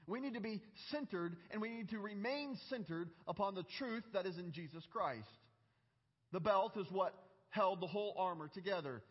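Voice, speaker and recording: A middle-aged male pastor preaching a sermon with earnest, emphatic delivery and deliberate pauses. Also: high-pitched, husky, big-room sound, highs cut off.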